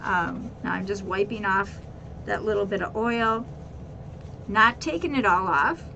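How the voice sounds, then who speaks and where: A woman walks viewers through a craft task in a relaxed, chatty way, often repeating words and adding fillers. Her voice sits at an ordinary middle pitch. The home recording carries clearly audible background noise. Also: a little slow, lo-fi sound. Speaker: craft tutorial host. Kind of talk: casual how-to demonstration.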